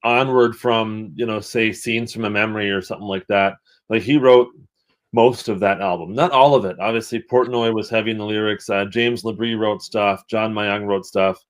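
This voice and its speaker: A man's voice: fairly low pitch, fairly even intonation, normal speed. A man who is a guest on a music podcast, chatting casually and eagerly sharing what he knows. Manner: chatty, eager to share knowledge. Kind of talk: casual chat.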